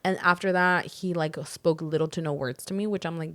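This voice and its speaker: A woman's voice: on the low side, fairly even intonation, fairly quick, a bit bright, no echo. A young woman co-hosting a podcast, animatedly retelling a work story with heavy "like" filler and Spanish phrases mixed in. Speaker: podcast co-host. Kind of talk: casual storytelling chat.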